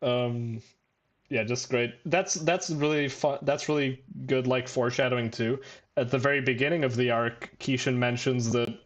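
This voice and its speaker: Male podcast host, excitable and profane, casual chat, pops into squeaky character voices. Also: moderate pace. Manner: excitable, swears a lot, jumps into high squeaky voices when quoting characters. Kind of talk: casual chat about manga.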